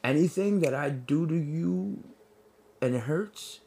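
Lively, teasing man. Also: fairly high pitch, slow pace, gravelly, husky. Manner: teasing, reactive, often laughing. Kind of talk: casual chat.

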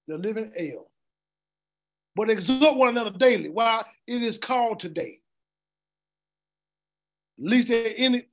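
Man, very high voice, preacher, call-and-response sermon, stammering repeats. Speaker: preacher teaching scripture. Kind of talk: interactive sermon.

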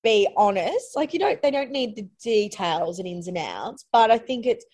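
A woman's voice: medium pitch, big pitch swings, normal speed, darkish tone. A woman, a podcast guest talking candidly and reflectively, often trailing off and starting over. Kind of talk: candid conversational interview.

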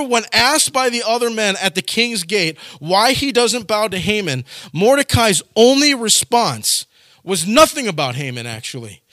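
Animated high-voiced male preacher. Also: no echo, clean studio sound. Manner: animated, acts out quoted voices. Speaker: pastor. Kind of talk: sermon.

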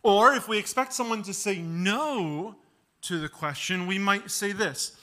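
This pastor's voice is high-pitched with a sharp tone, and he preaches at a measured pace. Earnest throughout, he asks rhetorical questions, acts out dialogue, and builds points through repetition.

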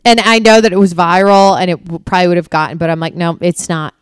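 A woman guest on a casual podcast, telling stories in an animated way and laughing often. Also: on the low side, quick pace, clean tone. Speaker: guest content creator.

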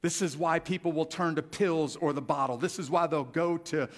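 A man's voice: fairly high pitch, normal speed. A man preaching a sermon as pastor, rising in volume and emphasis on key phrases. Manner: animated preaching, swelling louder on key phrases.

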